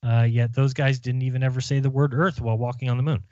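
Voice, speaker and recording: Male podcast host, relaxed and musing; mid pitch, dry muffled recording. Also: quick pace, no echo. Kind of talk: casual chat.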